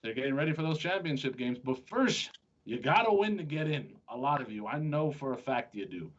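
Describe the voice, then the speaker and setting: A man's voice: medium pitch, expressive, fairly quick, a little hiss or hum. A man hosting a sports podcast, chatting casually and joking with his co-host, often restarting his sentences. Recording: dull lo-fi sound.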